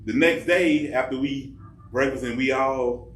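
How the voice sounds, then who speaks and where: Low-key man in an echoey room. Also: measured pace, a bit bright. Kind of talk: casual chat. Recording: roomy sound, mic at a distance.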